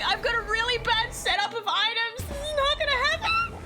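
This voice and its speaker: A young woman streaming a game, reacting loudly, swearing and talking to her chat, with game music behind her. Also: very high-pitched, fairly quick. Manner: excitable, swears a lot, talks to chat. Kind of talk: live gameplay commentary.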